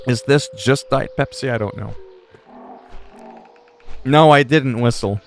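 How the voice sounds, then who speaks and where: A man's voice: medium pitch, measured pace, soft background music. A man hosting a casual gaming livestream, rambling through funny stories and swearing freely. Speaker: livestream host. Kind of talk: casual gaming stream chat.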